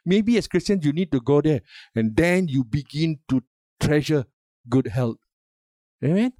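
A man's voice: on the high side, animated, measured pace, dark tone, dry recording, studio quality. An older man preaching a sermon as a pastor, emphatic and asking the congregation questions for response.

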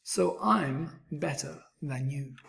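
A man's voice: slow pace, gravelly, slight background noise, full character voice. A man doing a boastful bragging rabbit. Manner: bragging, loud and high. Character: boastful male rabbit, proud and showy.

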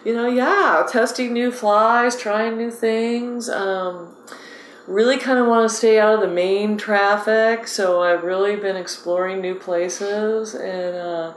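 Excitable woman fishing guide, echoey room. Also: medium pitch, slow, slight background noise. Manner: excitable, animated storyteller. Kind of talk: casual interview conversation.

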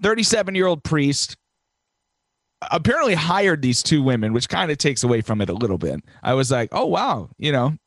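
Young male podcast host, wry storyteller, dry close mic, lively pitch. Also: fairly quick, no room sound. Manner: wry, relaying a news story with asides. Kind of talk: casual chat.

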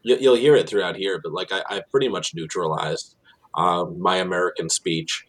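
Deep-voiced New Jersey man. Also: normal speed, fairly bright tone. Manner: storytelling, frequent fillers and restarts. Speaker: tour guide. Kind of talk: casual interview talk.

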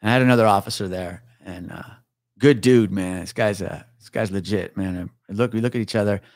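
A low-pitched man, a retired police officer, spins a story as a podcast guest, cursing casually and chuckling along the way. The sound is close and dry. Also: fairly quick, no echo. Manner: swears freely, laughs through his story.

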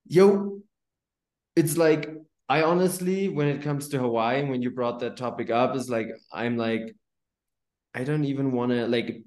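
A man hosting a podcast, talking casually with lots of swearing and fillers. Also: medium pitch. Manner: swears freely, many fillers and restarts. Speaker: podcast host. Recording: roomy echo.

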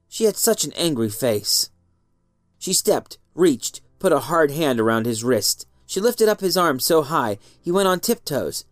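Lively male storyteller, dry close sound. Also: medium pitch, no echo. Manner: expressive, lilting delivery. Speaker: narrator. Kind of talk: storybook reading. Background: faint music.

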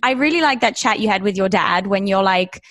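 A woman hosts a podcast in loose, casual conversation. She is blunt and teasing and swears freely. Her voice is close and dry, with a middle pitch. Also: expressive, a little fast, fairly bright tone, no room sound. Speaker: podcast host.

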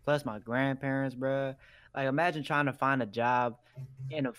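A young man co-hosting a casual podcast, talking in an animated, slangy, profane way. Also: medium pitch, normal speed, smooth, dry recording. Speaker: podcast co-host.

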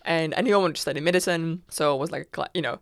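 A young woman from Kazakhstan telling her story in a casual interview, chatty, with lots of fillers and lively quoted voices. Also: sits low, fast talker, no room sound, studio quality. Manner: chatty storyteller, many fillers, laughs often, animated quoting. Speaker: interview guest.

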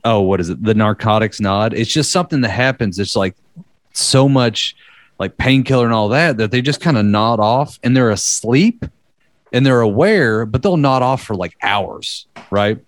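A man's voice: medium pitch, normal speed, no echo, clean studio sound. A man in casual talk, telling a long story in a loose, rambling way with lots of fillers. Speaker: podcast host telling a story.

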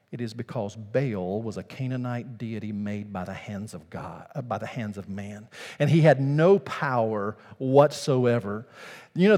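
A male pastor preaching a sermon, swinging from hushed, quiet lines to loud, fervent outbursts in a rhythmic preacher's cadence. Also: medium pitch, long reverb tail.

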